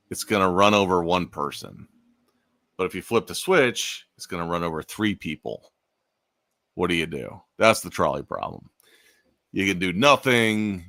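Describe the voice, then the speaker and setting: A man hosting a casual livestream chat, talking in a relaxed, chatty way with trailing fillers. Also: sits low, no room sound, studio quality. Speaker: podcast host.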